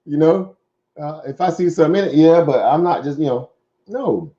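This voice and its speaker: Mellow-voiced Southern man talking stocks. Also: on the high side, normal speed, muffled recording. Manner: rambling, conversational, many fillers and "right?" asides. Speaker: stock market show host. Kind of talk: casual market commentary.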